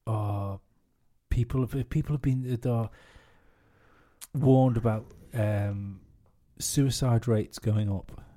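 A man co-hosting a comedy podcast, chatting crudely and haltingly with lots of restarts and ums. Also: mid-range voice, mellow. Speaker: podcast co-host. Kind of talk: crude casual banter.

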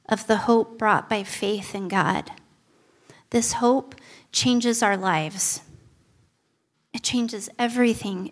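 A woman pastor preaching a sermon, telling personal stories in an earnest way. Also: on the high side.

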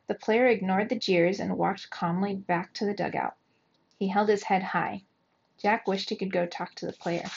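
A woman reading a children's chapter book aloud to young students, steady and clear, with lively shouts for the characters. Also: mid-range voice. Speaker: storybook reader for young children. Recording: dull lo-fi recording.

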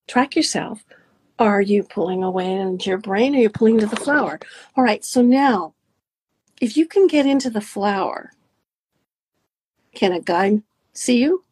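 A woman coaching listeners through a guided talk, animated and swooping her pitch up and down to demonstrate. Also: husky, no echo. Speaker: dating and mindfulness coach.

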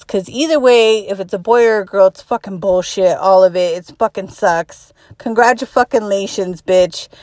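Exasperated, foul-mouthed woman ranting. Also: dry recording. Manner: exasperated, swears constantly, mimics others in high voices. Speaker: comedic ranting parent. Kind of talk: profane comedic rant.

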